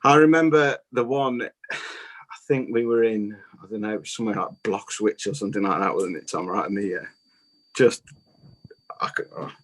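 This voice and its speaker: A man's voice: fairly low pitch, moderate pace. A man on a podcast, telling a long, rambling, sweary story in casual chat, with lots of restarts. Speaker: podcast guest, guitarist.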